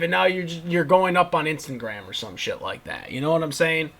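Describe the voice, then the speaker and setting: A man's voice: fairly high pitch, lively intonation, moderate pace, gravelly, hardly any pauses, fairly bright tone. A young man giving an exasperated, ranting vlog commentary, repeating himself and swearing. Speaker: wrestling commentary vlogger.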